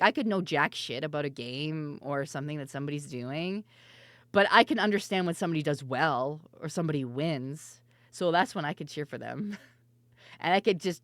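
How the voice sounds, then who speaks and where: A woman streamer chatting casually and loudly with her viewers, laughing often and swearing freely. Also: deep voice, expressive, a little fast, no echo. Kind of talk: casual live-stream chat.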